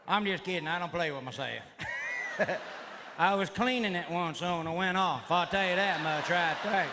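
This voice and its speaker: A man doing a stand-up comedy routine, with a loud, rowdy redneck delivery full of catchphrases. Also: high voice, moderate pace. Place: comedy stage before a live audience. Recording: live show with loud audience laughter and noise.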